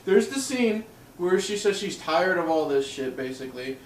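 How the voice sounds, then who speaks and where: A man recaps a movie in casual conversation, his voice sitting a little high. He sounds set back from the mic in an echoey room, with a faint hiss underneath. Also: big pitch swings, normal speed, distant mic. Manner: recapping with frequent laughs. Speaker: co-host. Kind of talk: casual movie review chat.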